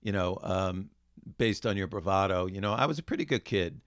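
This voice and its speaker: This podcast co-host has a smooth, fairly low voice that's expressive and moves at a moderate pace. He talks in an easygoing, unstructured way, leaning on fillers as he explains. He's recorded up close and dry, with nothing of the room audible.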